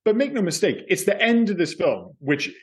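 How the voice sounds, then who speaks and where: Animated higher-voiced man enthusing. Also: moderate pace. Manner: enthusiastic, swearing, animated storytelling. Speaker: podcast co-host. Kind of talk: casual film-review chat.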